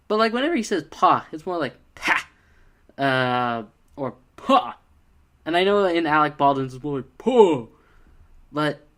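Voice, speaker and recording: A young man talks through a casual video review in an exasperated, animated way. His pitch swings widely as he reacts, and he fills his sentences with "uh," "like" and "I mean.". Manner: exasperated, animated, many fillers.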